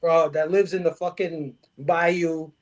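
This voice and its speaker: A man's voice: on the high side, fairly even intonation, slow. A man co-hosting a movie review podcast, talking casually, swearing freely and restarting his sentences. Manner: swears freely, many restarts, laughs often. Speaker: podcast co-host.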